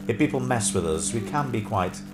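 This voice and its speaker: Man, livestream chat host, lively up-and-down voice, rambling, sings snatches, faint music behind. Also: on the low side, brisk. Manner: chatty, rambling, bursts into song. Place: home living room on a couch.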